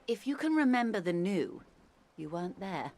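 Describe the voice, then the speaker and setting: A woman voicing a worldly, wry older woman in a video game, arch and measured, explaining things with dry irony. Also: mid-range voice, very animated, darkish tone, a little hiss or hum. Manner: arch, measured, dryly ironic.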